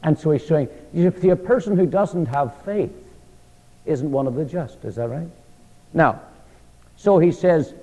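A man teaches a Bible study in a sermon style. He asks his listeners questions, answers them himself, and drives key phrases home by repeating them with a falling finish. His voice is mellow and somewhat high, captured on a dull, lo-fi recording with a long hall echo. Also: expressive, moderate pace.

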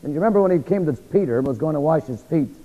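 A man's voice: on the high side, expressive, rapid-fire, warm tone. Preaching man, echoey dull recording. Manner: asks the congregation rhetorical fill-in questions; conversational, acts out quoted speech. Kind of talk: sermon, Bible exposition. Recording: echoey hall, dull lo-fi sound.

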